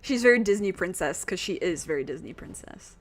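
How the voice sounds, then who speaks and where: A woman's voice: lowish voice, lively intonation, fairly quick. Chatty woman streaming a game. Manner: chatty and self-deprecating, rambling with fillers and swearing. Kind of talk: casual gaming stream chat.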